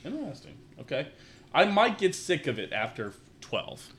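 A young man co-hosting a podcast in casual chat, an animated storyteller who swears and laughs often. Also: a little high, moderate pace, a little hiss or hum. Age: young adult. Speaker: podcast co-host. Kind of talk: casual chat reviewing drinks.

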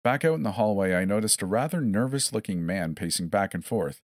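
A man's voice: fairly low pitch, animated, brisk, no echo. A man narrating a first-person horror story in a scripted way, with wry, dry asides.

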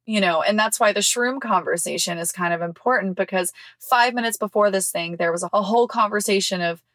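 A woman hosting a podcast, telling a personal story in casual chat, frank and expressive, swearing freely and laughing often. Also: mid-range voice, brisk, dry recording. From California. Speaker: podcast host. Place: visiting family in the South.

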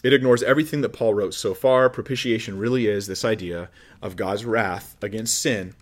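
A man's voice: on the low side, normal speed. A male pastor giving a conversational sermon with joking asides, acting out the voices he quotes.

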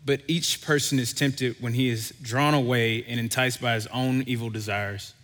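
A male pastor preaching a sermon, with relaxed, conversational delivery and animated storytelling. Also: medium pitch, moderate pace. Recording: long hall reverb.

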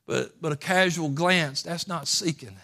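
A man preaching a sermon as pastor, folksy, swinging from quiet asides to impassioned pleading. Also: a little high, a little slow.

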